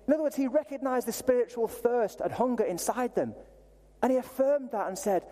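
A man preaching a sermon in a lively, conversational way, with self-deprecating asides. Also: very high voice, fairly quick. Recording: reverberant hall sound.

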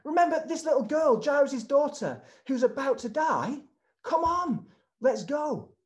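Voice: high-pitched, animated, voice pushed up. A preacher voicing an impatient follower in the crowd who urges someone to hurry on. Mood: urgent. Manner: urgent, pleading, hurried.

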